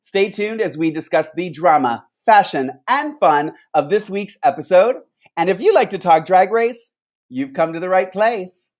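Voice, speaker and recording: A man with a high, animated voice co-hosts a recap show at a moderate pace. He reads a scripted intro, then chats loosely with lots of fillers and laughter.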